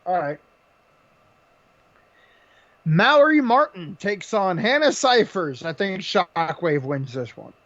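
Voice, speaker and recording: A man with a rather high voice chats loosely through fight picks, cracking jokes and laughing often. The stream audio is a little dull and lo-fi. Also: very animated, fairly bright tone. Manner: joking, laughs often, quick banter. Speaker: podcast co-host. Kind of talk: casual chat about fight picks.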